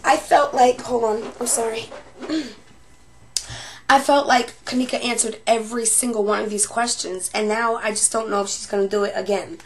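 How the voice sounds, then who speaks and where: A woman's voice: a little high, steady tone, normal speed, slight background noise. A woman vlogger chatting emotionally to her viewers and calling them "babes", while she is losing her voice. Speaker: paranormal vlogger. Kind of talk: casual chat to viewers.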